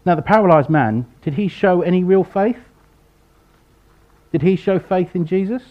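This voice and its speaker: A man preaching a sermon, acting out the people in the story with sudden loud voices. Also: sits high, normal speed. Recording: dull lo-fi sound.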